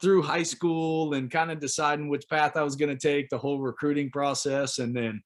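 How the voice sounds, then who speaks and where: A man from Oklahoma, a pro football punter, telling a lively story as a podcast guest and acting out the voices of people he quotes. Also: fairly high pitch, normal speed. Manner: animated, acts out quotes of others. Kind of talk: casual storytelling interview.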